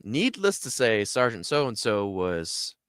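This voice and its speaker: A man with a fairly low voice tells a story in an easygoing, animated way, peppering it with fillers. He sounds dry and close, with no room echo behind him. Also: a little slow. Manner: animated, lots of "you know" fillers. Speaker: host. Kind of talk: casual storytelling.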